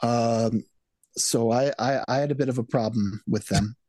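Casting: man, halting delivery, casual podcast reviewer, dry close sound. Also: medium pitch, mellow, no room sound. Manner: hesitant, many fillers and restarts. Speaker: podcast co-host. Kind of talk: casual chat.

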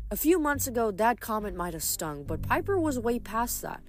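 A woman reading a novel aloud as a hobby reader, with expressive, dramatic narration. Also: fairly high pitch, normal speed, few pauses, faint music behind. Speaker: audiobook reader.

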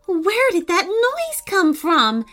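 A woman playing a sweet little mermaid girl from a storybook. She speaks high and light, in the way of a young child. She sounds timid and gentle. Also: very animated, a little slow, faint music behind, exaggerated voice. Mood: scared.

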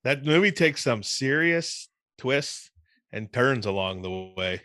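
A man co-hosting a podcast in casual chat, laughing often and thinking out loud with playful teasing. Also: medium pitch, expressive, slow, no room sound, studio quality. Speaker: podcast co-host.

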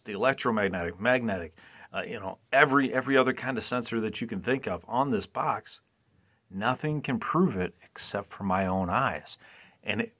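A man's voice: mid-range voice, a bit bright. A man hosting a podcast, recapping a movie in a casual, rambling way, often restarting and asking listeners "right?". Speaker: podcast host.

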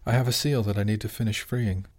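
A calm, faraway shaman husband who speaks in a quiet, simple, dreamy way, as a man reads him aloud in a storybook. His voice sits fairly low. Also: fast talker, natural voice.

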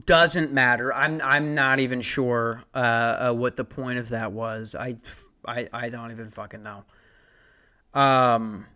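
A man's voice: mid-range voice, fairly even intonation, unhurried, bright, forceful tone. A young man hosting a comedy podcast, ranting and rambling with lots of profanity and restarts. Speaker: podcast host.

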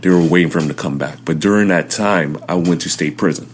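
A young man in his twenties, an interview guest telling his life story in an animated way. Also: deep voice, fast talker, slight background noise. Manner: animated storytelling, acting out quotes loudly.

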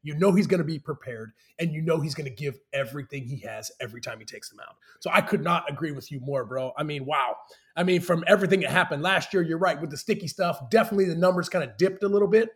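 A ballplayer guest with a slightly high voice, talking with keen enthusiasm. His speech is loose and casual, full of "bro" and "man". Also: quick pace. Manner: enthusiastic, says "bro" a lot. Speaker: professional baseball player, guest. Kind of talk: casual sports chat.

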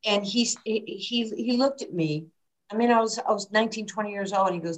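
This storytelling interview features a basketball coach from New York whose mid-range voice moves at a moderate pace. She's animated and acts out quoted lines, all captured in a rough recording.

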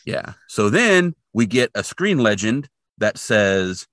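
A man's voice: fairly low pitch, big pitch swings, takes it slowly, few pauses, fairly bright tone, no room sound, clean studio sound. A man co-hosting a podcast, retelling a TV episode in casual, rambling chat with lots of fillers. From Portland, Oregon resident since 2003. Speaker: podcast co-host.

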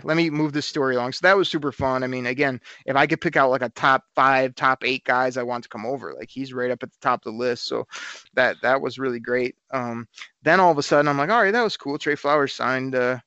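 A man co-hosting a podcast, telling a story in a casual, animated way and acting out the quotes. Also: mid-range voice, fast, no room sound, dull audio. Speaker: podcast co-host.

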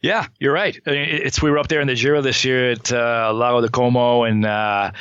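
A man chatting on a cycling podcast, relaxed and wry, with firm opinions. His voice is bright and forceful. The sound is dry but a little dull and lo-fi. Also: mid-range voice, brisk, clear, resonant tone, dry recording. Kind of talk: casual chat.

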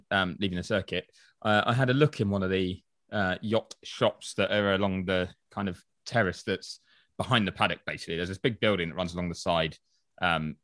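A young man with a fairly low voice throws in dry, deadpan quips on a casual podcast. The recording is close and dry. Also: no echo. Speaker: podcast co-host. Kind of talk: casual chat.

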